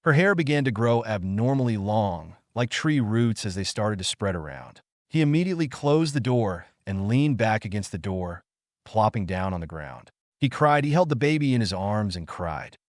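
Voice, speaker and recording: A man narrating a web novel story in an expressive storytelling manner. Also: fairly low pitch, moderate pace, no echo, studio quality.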